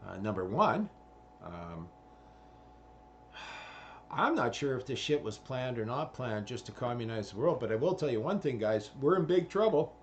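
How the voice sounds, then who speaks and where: A man's voice: medium pitch, big pitch swings, a little slow, long pauses, muffled recording, slight background noise. A man, ranting in a rambling commentary full of swearing and fillers. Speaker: vlogger.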